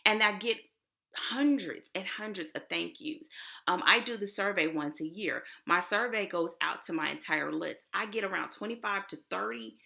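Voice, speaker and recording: A woman's voice: mid-range voice, moderate pace, gravelly, bright, forceful tone. A middle-aged woman with a Texan accent from Houston, giving a chatty, emphatic conference talk as a presenter. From Houston, Texas.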